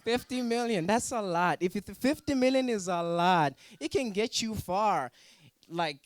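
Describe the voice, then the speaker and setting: A man's voice: sits high, lively intonation, unhurried, dry recording. A man from Africa doing a stand-up comedy set at a student talent show, teasing the crowd and judges with mock outrage.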